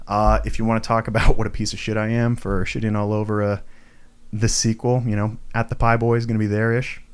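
A young man hosting his own podcast, ranting casually, swearing freely and filling his talk with fillers and self-mocking asides. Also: fairly low pitch. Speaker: podcast host. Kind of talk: casual solo podcast rant. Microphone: home recording setup, tripod for video.

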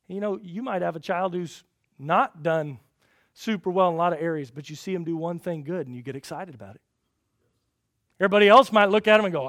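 Preaching as pastor, this man throws rhetorical questions at the congregation and moves between loud, emphatic highs and quiet, low stretches. The recording is dry, with clean studio sound.

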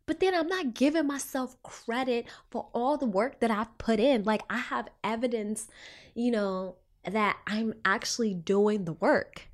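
A young adult woman, a clinician who works with children, telling a personal story to her viewers in a lively, expressive way, her pitch jumping around and her speech full of fillers like "you know". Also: a little slow. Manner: animated, swinging pitch, filler-heavy retelling.

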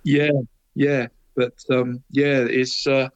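A man's voice: medium pitch, flat delivery, slow pace, smooth, muffled recording. A man going through local football results in casual podcast chat, tacking "mate" onto nearly every phrase. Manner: chatty, says "mate" after almost every phrase.

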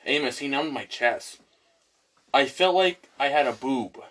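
Brief: man, bright forceful voice, animated storyteller, casual co-host. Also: medium pitch, unhurried. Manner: animated storyteller acting out quotes. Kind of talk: casual chat.

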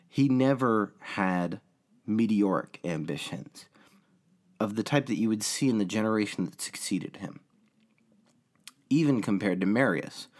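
A man hosting a history podcast, narrating from a script in a deep voice worn by a cold, with a measured, steady delivery. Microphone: home recording edited in a laptop audio program.

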